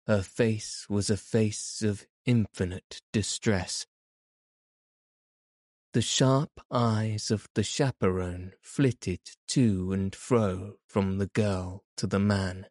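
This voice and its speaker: Male audiobook narrator, measured, dark mellow tone, dry close sound. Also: on the low side, fairly even intonation, no room sound. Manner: measured, deliberate.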